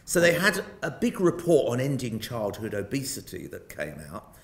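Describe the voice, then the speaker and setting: A man's voice: mid-range voice, wildly swooping pitch, moderate pace. Wry older British man lecturing in a hall. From Britain. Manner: wry storyteller with self-mocking jokes. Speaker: guest lecturer. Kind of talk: anecdotal public lecture. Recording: roomy hall sound.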